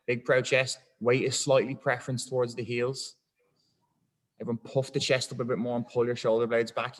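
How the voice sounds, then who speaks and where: A man leads a weightlifting class at a middle pitch, talking people through each position. He encourages the group and counts down the holds. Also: echoey room. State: out of breath. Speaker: weightlifting coach. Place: gym.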